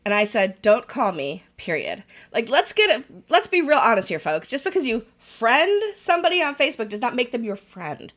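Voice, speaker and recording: Woman podcast co-host, fairly high and very animated voice, wry and frank, acts out quotes. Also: a little fast, few pauses. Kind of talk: casual podcast chat.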